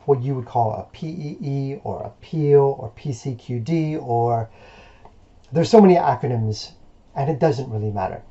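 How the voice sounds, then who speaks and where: Male teacher, very warm mellow voice, encouraging, hesitant fillers, muffled lo-fi mic. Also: medium pitch. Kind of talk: recorded remote lesson.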